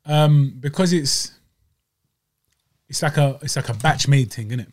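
A man's voice: medium pitch, unhurried, a little mellow, no room sound. A man, co-hosting a podcast and joking through a casual dessert review with slang and banter. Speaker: podcast co-host. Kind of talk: casual food review chat.

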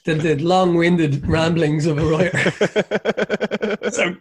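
A man's voice: on the high side, slow, background noise. A man with an Irish accent telling long, rambling stories in a casual chat, swearing freely and mimicking people.

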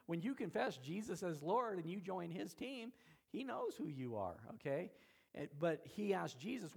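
Higher-voiced man preaching conversationally. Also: lively intonation, a little slow, creaky, breathy edge. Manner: conversational preaching, frequent "okay?" check-ins. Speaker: pastor. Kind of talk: sermon.

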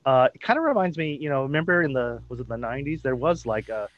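A man's voice: medium pitch, lively intonation, quick pace, no echo, highs cut off. A man co-hosting a podcast, chatting casually about a sitcom and often trailing off. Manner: chatty, trails off, laughs between remarks. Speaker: podcast co-host. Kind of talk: casual chat reviewing a sitcom episode.

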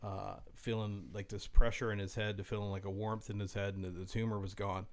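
A man with a low, flat, even voice co-hosts a casual talk podcast. He explains things haltingly and often restarts his sentences. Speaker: podcast co-host. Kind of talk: casual chat.

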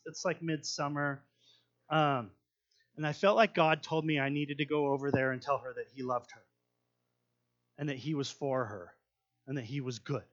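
Man telling a church story, muffled. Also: fairly high pitch. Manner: conversational storytelling with fillers, swelling louder at intense moments. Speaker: speaker telling a personal testimony. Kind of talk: sermon-style personal story. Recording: dull lo-fi sound.

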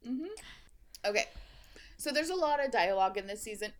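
A woman co-hosting a podcast, recapping a book in casual chat, animated, laughing often and swearing freely. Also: mid-range voice, brisk.

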